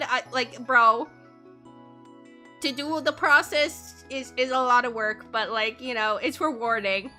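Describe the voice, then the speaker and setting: A woman's voice: high-pitched, sharp tone. A woman from Canada chatting casually on a livestream, bubbly and giggly, rambling and laughing often. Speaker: streamer.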